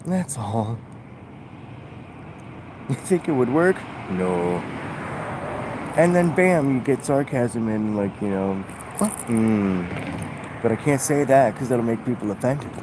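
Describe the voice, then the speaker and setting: Slow, rambling man by a noisy road. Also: medium pitch, animated. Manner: halting, musing, full of fillers. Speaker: vlogger. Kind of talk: rambling spiritual monologue. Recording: outdoor traffic noise.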